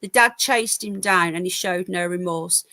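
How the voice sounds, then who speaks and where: A woman's voice: fairly low pitch, moderate pace, bright, forceful tone, dry recording. A tired woman from the UK hosting a casual live news stream, giving blunt opinions and reading out chat comments. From United Kingdom. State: tired, yawning. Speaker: livestream news host.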